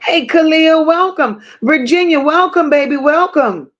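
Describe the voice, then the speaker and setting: A woman streaming live calls out viewers' names, reads their comments, and swears freely amid affectionate slang. Her voice is high, animated, and a bit bright at a slightly slow pace, though the recording is muffled.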